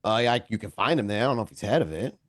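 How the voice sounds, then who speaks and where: A man's voice: on the low side, lively intonation, racing, no room sound, studio quality, natural voice. A man voicing a blunt, distrustful, foul-mouthed male vampire in a tabletop game. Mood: gruff.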